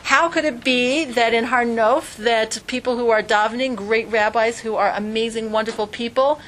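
A woman's voice: a little high, steady tone, moderate pace, a bit bright. A woman teaching an informal religious class, earnest and conversational, with strings of rhetorical questions. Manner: conversational, frequent fillers like "like".

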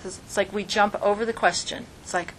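A woman's voice: medium pitch, steady tone, moderate pace, fairly bright tone, slight background noise. Earnest woman teaching a religious class. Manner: earnest, piles up rhetorical questions; conversational, frequent fillers like "like". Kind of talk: informal religious lecture.

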